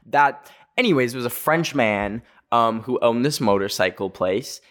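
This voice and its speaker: A young man from North America telling a travel story in a chatty way, with lots of "like" fillers and quick self-corrections. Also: mid-range voice, lively intonation, a bit bright. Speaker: vlogger. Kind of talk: casual storytelling.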